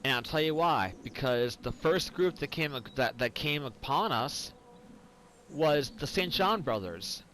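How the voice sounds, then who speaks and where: A man's voice: a little high, lively intonation, measured pace, a bit bright, a little hiss or hum, low-quality recording. Tipsy, rambling, profane man. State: tipsy from whiskey. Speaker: gaming commentator. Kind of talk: casual game commentary.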